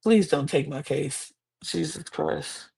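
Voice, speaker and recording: Young female co-host: sassy, expressive and chatty, often leaping into squeaky outbursts. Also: takes it slowly, creaky, breathy edge. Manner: animated, sassy, swings into high-pitched exclamations. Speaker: podcast co-host. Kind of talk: casual reality-TV recap chat.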